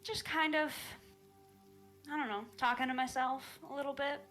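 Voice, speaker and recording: A woman's voice: high-pitched, steady tone, moderate pace, fairly bright tone, soft background music. A woman playing a tabletop game over voice chat, thoughtfully describing what her character does. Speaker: player. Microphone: online voice chat.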